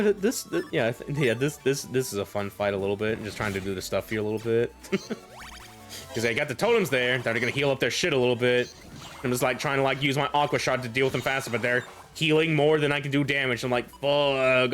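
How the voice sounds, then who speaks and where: A man's voice: medium pitch, fairly bright tone. A man casually talking over his own recorded gameplay as a streamer, rambling, laughing often and padding his sentences with filler. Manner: rambling, laughs often, repeats "a little bit". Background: faint game music.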